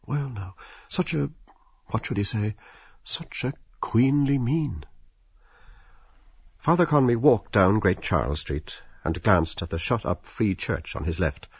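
A man narrating a literary audiobook in a measured, wry and expressive storytelling manner. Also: fairly low pitch, slightly rough, no echo, muffled recording.

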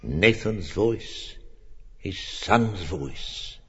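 An actor voicing an old grieving father who speaks slowly and solemnly. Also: sits low, expressive, a bit bright, breathy edge, full character voice. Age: older. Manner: slow, solemn, reverent. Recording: dull recording with long reverb.

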